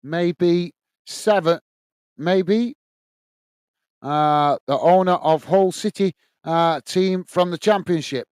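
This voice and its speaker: A man's voice: high voice, slow pace, pauses often, a little mellow, smooth, no room sound. Chatty Northern English man commentating. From north of England. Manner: chatty, blunt, laughs easily, says mate a lot. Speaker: football watch-along host. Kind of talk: match commentary and reading out viewer chat.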